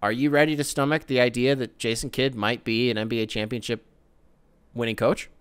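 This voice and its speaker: A man hosting a casual solo sports podcast, ranting in a profane, animated way with mocking asides. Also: mid-range voice, brisk, clear, resonant tone, no echo. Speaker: podcast host.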